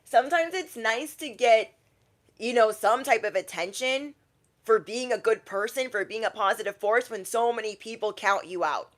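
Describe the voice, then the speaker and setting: A woman's voice: fairly high pitch, moderate pace. A young adult woman, a tarot reader, talking casually on a livestream and acting out quoted people in shifting voices.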